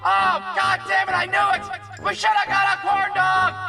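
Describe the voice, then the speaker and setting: A man voicing a panicking young man stuck on a roller coaster, yelling frantically over loud music. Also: very high-pitched, completely flat delivery, normal speed, vocal fry, pitched above the performer's own voice. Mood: panicked.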